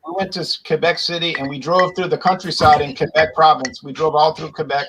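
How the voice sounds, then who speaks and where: A man co-hosting a casual talk show, telling animated opinionated stories and mimicking people he quotes. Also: a little high, fairly quick, noisy background. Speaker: podcast co-host.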